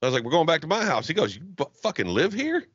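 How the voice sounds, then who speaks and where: A man chats on a comedy podcast, his pitch bouncing all over as he spins profane, rambling stories and acts out everyone in them. His voice is bright and sharp. The recording is dry and a bit dull. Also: quick pace, slightly rough, no room sound. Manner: profane, rambling storyteller with animated quoted voices. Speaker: podcast co-host. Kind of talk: casual comedy podcast chat. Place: Jacksonville, Florida.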